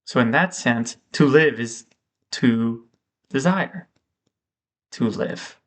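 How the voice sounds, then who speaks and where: A man thinking aloud in a reflective vlog monologue, slow and halting, with frequent pauses. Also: mid-range voice. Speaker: vlogger.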